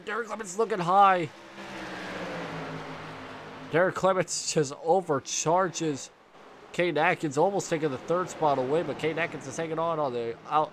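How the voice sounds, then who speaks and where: A young man with a stuffy, congested voice doing play-by-play commentary of a sim race, rambling with fillers and restarts and jumping up at the close moments. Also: on the high side. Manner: rambling with fillers and restarts, excited bursts at contact. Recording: faint engine noise behind.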